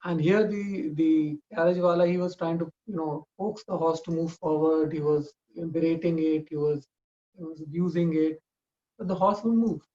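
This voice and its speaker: A man's voice: on the high side, steady tone, moderate pace, warm tone, dull audio. A man telling a family story informally, talking conversationally with frequent restarts.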